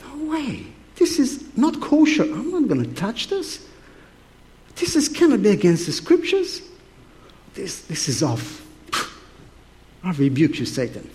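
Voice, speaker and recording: A man plays a fiery, stubbornly devout fisherman apostle, middle-aged and quick to protest. His voice sits fairly high, and he throws out loud exclamations. It comes across as a lively preacher's sermon dramatization. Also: slight background noise, full character voice. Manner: animated, exclamatory, indignant protests.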